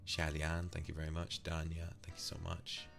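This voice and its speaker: A man's voice: extremely low pitch, completely flat delivery, moderate pace, gravelly, over music. A man from the UK, streaming and casually thanking viewers for donations, affectionately calling them darling. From United Kingdom.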